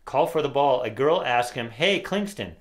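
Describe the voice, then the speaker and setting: A man's voice: medium pitch, moderate pace. A middle-aged man co-hosts a casual political talk show in an opinionated tone. His voice sits at an average height, and he reads quotes aloud with a sarcastic edge. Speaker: podcast co-host.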